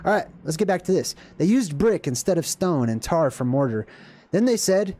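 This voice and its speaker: A man's voice: fairly high pitch, moderate pace, slight background noise. Chatty man riffing through a reading. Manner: rambling, animated asides with laughs and restarts. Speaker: video host. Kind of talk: casual lecture reading and commenting on scripture.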